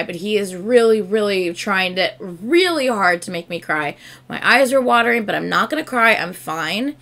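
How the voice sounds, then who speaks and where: A woman's voice: medium pitch, expressive, normal speed, bright, forceful tone. A woman reacting to a music video in casual, chatty commentary, gushing and swearing freely.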